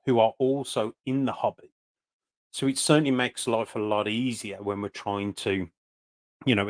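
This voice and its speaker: Chatty British man hosting a live stream. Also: on the low side. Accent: British English. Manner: chatty, rambling welcomes with many fillers. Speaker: host of a live stream for snake breeders. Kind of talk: casual live-stream chat.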